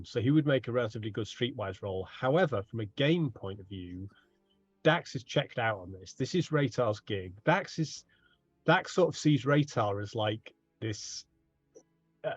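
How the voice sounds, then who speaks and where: A man playing a tabletop game who narrates his character's antics in a lively way, laughing often. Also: mid-range voice, slightly rough, no room sound. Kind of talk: animated in-character storytelling. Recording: dull, dry home mic audio.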